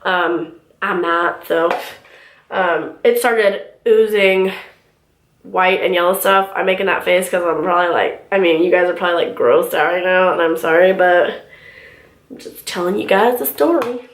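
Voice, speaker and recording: A woman's voice: on the low side, normal speed. Young woman, chatty makeup vlogger, lots of fillers, roomy home echo. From California, US. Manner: chatty, filler-heavy storytelling. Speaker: beauty vlogger. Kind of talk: casual get-ready-with-me chat. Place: room at home.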